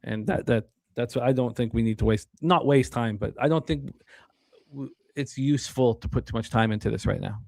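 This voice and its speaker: A man hosting a sports betting show, talking casually in a rambling, excitable way with many fillers and restarts. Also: mid-range voice, a little fast, vocal fry, dry recording, studio quality.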